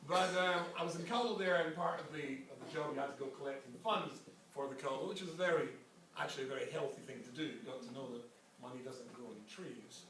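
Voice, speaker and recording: A rabbi from England with an English accent gives a Torah lecture full of stories and joking asides, his mid-range voice fast and fairly bright. He's recorded from far off in a very echoey hall with faint noise.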